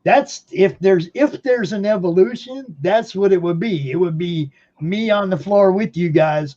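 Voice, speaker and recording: A man's voice: high voice, measured pace, dark tone, lo-fi sound. A man hosting a podcast from home in rambling casual chat, laughing often. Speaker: podcast host.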